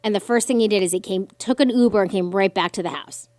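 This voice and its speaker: Speaking at a quick pace in a medium-pitched voice, a woman on a podcast recounts a personal story with intense emotion, and there's no room sound. She is animated throughout, curses freely and mimics the voices of people she quotes.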